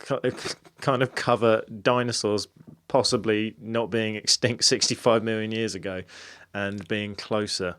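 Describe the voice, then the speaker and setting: A man's voice: lowish voice, level tone, measured pace, a bit bright, clear, resonant tone. A man co-hosting a paranormal podcast, chatting casually in a self-deprecating way with frequent laughs. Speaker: podcast co-host. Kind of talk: casual chat.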